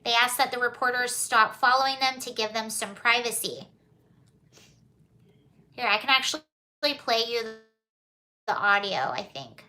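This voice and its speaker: A woman's voice: a little high, normal speed, pauses often, sharp tone. A woman hosting a casual livestream, chatting, reading viewer comments aloud and answering them with giggles and apologies. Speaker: livestream host.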